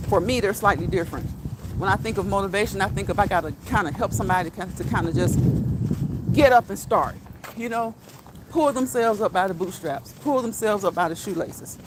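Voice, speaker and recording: A woman's voice: mid-range voice, noisy background. A woman hosting a casual walk-and-talk livestream outdoors on her phone, blunt and repetitive, dropping slang and laughing often. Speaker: channel host.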